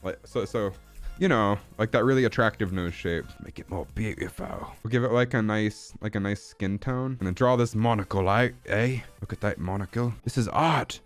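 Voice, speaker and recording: A man with a fairly low voice talks at normal speed while streaming his digital drawing, narrating it casually. He's goofy and playful, putting on an accent and tossing out silly sound words and mock grandeur, with faint music in the background.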